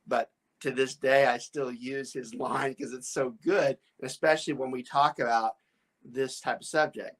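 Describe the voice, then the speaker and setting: A man with a medium-pitched, steady voice talks at a normal speed. He's a real estate broker hosting a podcast, rambling through a story with lots of restarts, stammered repeats, and frequent laughter.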